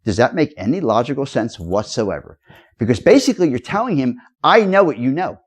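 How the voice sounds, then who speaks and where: A man's voice: mid-range voice, very animated, brisk, husky. A man ranting straight to his viewers in a rambling, accusatory, lecturing way. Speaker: video blogger. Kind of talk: rambling direct-to-camera rant.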